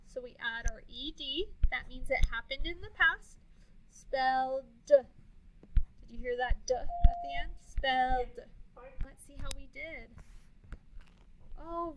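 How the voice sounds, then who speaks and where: A woman teacher leading a phonics lesson, sounding words out slowly and clearly with counting pauses. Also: high voice, a bit bright, a little hiss or hum, low-quality recording. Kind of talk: early reading phonics lesson.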